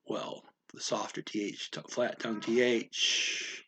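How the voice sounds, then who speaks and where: A man slowly explaining a story word by word as a language teacher, thinking aloud with many pauses. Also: medium pitch, level tone, fairly bright tone, slight background noise. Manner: slow, thinking aloud, frequent fillers.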